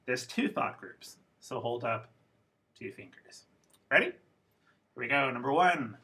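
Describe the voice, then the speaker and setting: A man teaching a pronunciation lesson at an unhurried pace, spelling out each example phrase with care. His voice is bright and forceful, with a husky edge. He sounds like he is demonstrating to a class. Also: medium pitch, lively intonation. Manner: slow, careful, demonstrative delivery with model phrases. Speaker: English teacher.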